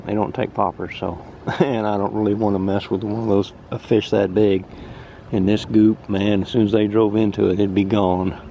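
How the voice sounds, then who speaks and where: A man fly fishing on a river, chatting to the camera and exclaiming excitedly over the fish he sees and catches. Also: lowish voice, moderate pace, creaky, dull audio, slight background noise. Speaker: fishing vlogger. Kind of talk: casual outdoor narration while fly fishing. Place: on a river outdoors.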